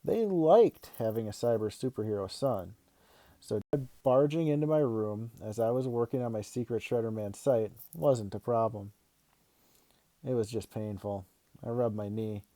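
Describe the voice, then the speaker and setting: A man reading a children's novel aloud in an even, expressive storytelling manner. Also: mid-range voice, moderate pace, no echo. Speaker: read-aloud host.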